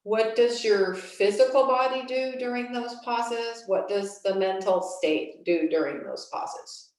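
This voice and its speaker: A woman, a yoga teacher, guiding a breathing practice with slow, calm, soothing instructions and long pauses. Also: on the high side. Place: yoga studio. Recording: very echoey room, voice from a distance.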